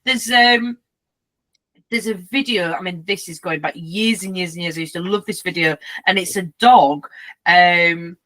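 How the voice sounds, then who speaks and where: Young woman chatting away, bright clear voice, loves doing little voices. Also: on the low side, unhurried. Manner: chatty, acts out quotes in voices. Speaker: host. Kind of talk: casual chat.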